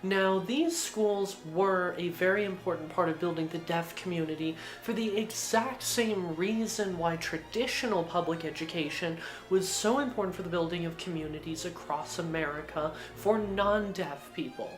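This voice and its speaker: A woman's voice: on the low side, moderate pace, hardly any pauses, faint music behind. A woman narrating a video essay in a casual way, with lots of filler words. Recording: roomy echo.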